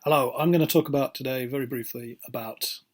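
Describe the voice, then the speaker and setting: A man's voice: medium pitch, fairly even intonation, fast talker. A man, a teacher talking through a casual recorded lesson in a chatty, rambling, playful way and correcting himself as he goes. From England. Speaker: English teacher.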